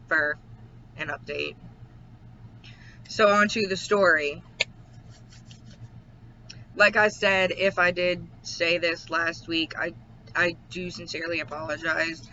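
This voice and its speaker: A man's voice: fairly high pitch, steady tone, takes it slowly, pauses often, sharp tone, dull audio, slight background noise. A young man giving a casual personal vlog update, chatty and full of ums and likes. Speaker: vlogger.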